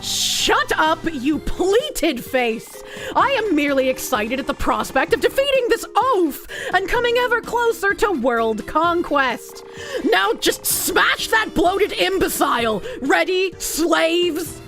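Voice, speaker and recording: A woman's voice: very high voice, big pitch swings, slow pace, a bit bright, soft background music, voice pushed up, heavily acted. A woman voicing an arrogant male evil king who hurls grand insults in a game. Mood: scornful. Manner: haughty, insulting.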